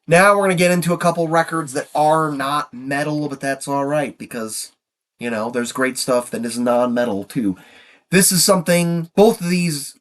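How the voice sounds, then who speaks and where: Man, 50s, mid-pitched, sniffly with a cold, rambling casual countdown delivery. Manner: rambling, trailing off. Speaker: music reviewer.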